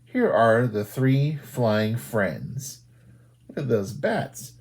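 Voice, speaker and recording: Guy librarian reading picture books to little kids, slow and husky, lots of pitch swoops. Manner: animated, sing-song, talks to young children. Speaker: children's librarian. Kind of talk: storytime read-aloud.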